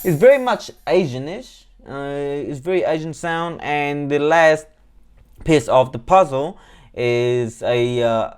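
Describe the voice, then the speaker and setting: A man's voice: fairly high pitch, lively intonation, takes it slowly, smooth. A man, a music producer, casually walking through how he built a track, rambling with lots of fillers and playing things down. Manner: loose and rambling, many fillers, self-deprecating. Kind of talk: casual beat breakdown walkthrough.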